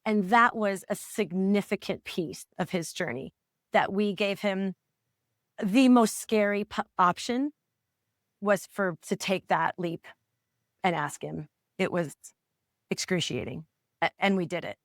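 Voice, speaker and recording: A woman's voice: mid-range voice, measured pace, pauses often, no room sound, clean studio sound. A woman in her forties, a parent coach, telling her family's story in an interview with earnest feeling and acting out the remembered dialogue. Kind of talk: candid personal storytelling in a podcast interview.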